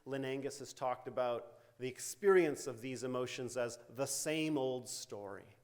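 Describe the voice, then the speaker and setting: A man's voice: medium pitch, normal speed. Middle-aged man giving a conversational lecture. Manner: conversational, frequent fillers and "right?" tag questions. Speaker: invited lecturer, psychology researcher. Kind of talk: academic lecture with quoted therapy examples. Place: university lecture hall.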